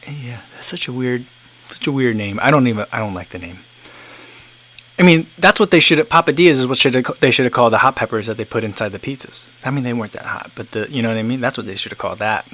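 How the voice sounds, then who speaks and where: Rambling man chatting on a livestream. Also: mid-range voice. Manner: rambling, animated, many fillers and restarts. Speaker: livestream host. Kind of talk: casual livestream chat, reading viewer comments.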